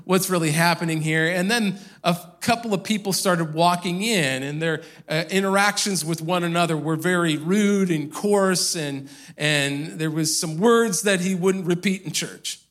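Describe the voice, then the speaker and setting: A man's voice: high voice, moderate pace, a bit bright. A male pastor preaching a sermon in a church, telling a story in a loose, conversational way. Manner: conversational storytelling with casual fillers.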